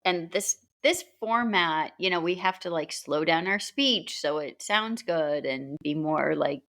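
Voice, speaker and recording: A bright, crisp-toned woman from California co-hosts a true-crime podcast. She chats and teases her partner, then moves into reading out case background. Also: low-pitched, a little slow. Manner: chatty, teasing, reads case background. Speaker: podcast co-host.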